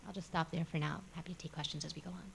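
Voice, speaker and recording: A woman speaking as a policy advocate on a panel, explaining budget results in a measured way with frequent fillers. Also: low-pitched, fairly even intonation, vocal fry, breathy edge. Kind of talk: panel briefing. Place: college event room.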